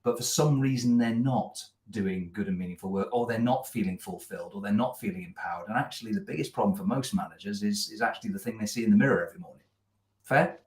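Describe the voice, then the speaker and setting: Man co-host for a business chat show, relaxed and self-deprecating, recorded in a roomy office. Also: lowish voice, fast. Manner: chatty, self-deprecating, many fillers. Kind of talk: casual live-stream chat.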